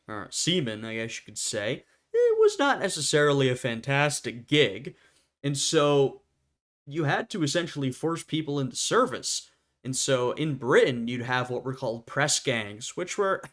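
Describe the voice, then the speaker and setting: A man's voice: medium pitch, fairly bright tone. A man hosting a history reaction video, talking casually and laughing often as he acts out short quotes.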